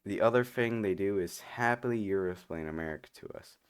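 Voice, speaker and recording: Low voiced dude ranting casually, sarcastic, loads of "like" and "you know". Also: male voice, brisk, smooth, no room sound. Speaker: commentary host. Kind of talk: casual reaction commentary.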